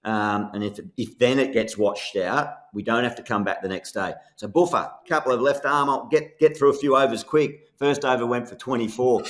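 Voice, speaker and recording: A man hosts a podcast at an easy, mid-pitched level. He reminisces with old teammates in a loose, laughing way. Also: normal speed, few pauses. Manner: relaxed reminiscing, laughing often. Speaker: podcast host. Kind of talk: casual podcast chat.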